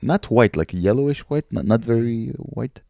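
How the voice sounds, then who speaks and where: A man co-hosting a casual comedy podcast, teasing his co-host with crude jokes and quick comebacks. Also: mid-range voice, expressive, gravelly, warm tone, no echo.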